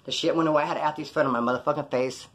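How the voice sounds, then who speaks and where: A man's voice: a little high, steady tone, racing, a bit bright. A man from California telling jail stories in a casual, profane, rambling way, acting out other people's lines as he goes. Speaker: storyteller recounting jail time. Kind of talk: casual storytelling.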